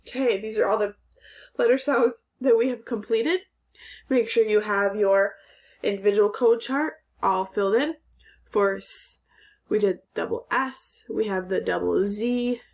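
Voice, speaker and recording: A woman teaching a phonics and punctuation lesson to young children, speaking slowly and clearly, asking questions and praising answers. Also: medium pitch.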